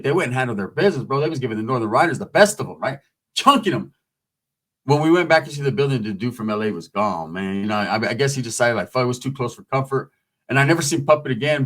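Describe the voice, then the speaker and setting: A man's voice: mid-range voice, fast. A man casually telling a long story in streetwise, profane talk, acting out the quotes as he goes. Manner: streetwise, profane, animated retelling with acted quotes. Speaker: storyteller recounting prison life.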